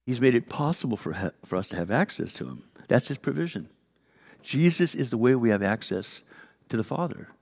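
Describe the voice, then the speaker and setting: A male pastor delivering a sermon, his voice sitting at an ordinary middle pitch. He talks loosely and animatedly, slipping into fillers and restarts as he acts out the people in his story. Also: expressive, fairly quick, vocal fry, a little mellow. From California.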